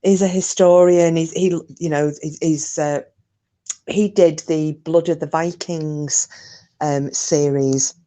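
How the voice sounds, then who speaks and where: A woman's voice: deep voice, steady tone, slow pace, mellow. A woman from Scotland hosting a casual live chat with viewers, talking in a jokey, rambling way with lots of fillers and restarts. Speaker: live stream host.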